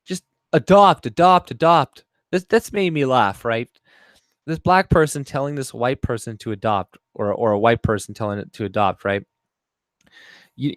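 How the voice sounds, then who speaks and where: Man, livestream host, profane mocking rants, mid-pitched, dry close sound. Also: no room sound. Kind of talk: casual livestream rant.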